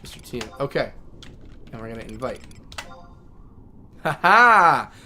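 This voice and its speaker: A man's voice: medium pitch, sing-song, unhurried, background noise. A man streaming a game live, chatting casually and talking affectionately to his dogs. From Minnesota.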